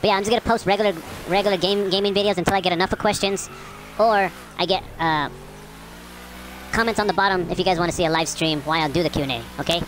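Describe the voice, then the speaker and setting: Fast-talking woman doing game commentary. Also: lowish voice, fairly even intonation, background noise. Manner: chatty, profane, rambling. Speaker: gaming channel host. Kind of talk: casual gameplay commentary.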